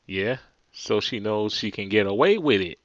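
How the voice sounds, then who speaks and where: A man's voice: fairly low pitch, lively intonation, moderate pace, dry recording, dull audio, voice pushed down, natural voice. A man with a New Jersey accent voicing a protective, sassy young big sister with a defiant, teasing manner.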